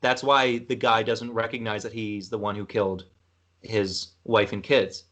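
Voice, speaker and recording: A man's voice: lowish voice, little pitch movement, measured pace, fairly bright tone. A man from Canada hosting a podcast, rambling through a film retelling in casual chat. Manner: rambling, retells film scenes with acted quotes. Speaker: podcast host.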